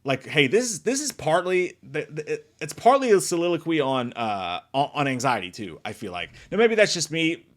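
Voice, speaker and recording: A man casually reviewing a horror movie, swearing freely and acting out lines in loud shrieking voices. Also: on the high side, normal speed, few pauses. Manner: profane, animated, acts out quotes in big shrieking voices. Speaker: movie review podcast host. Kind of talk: casual spoiler review chat.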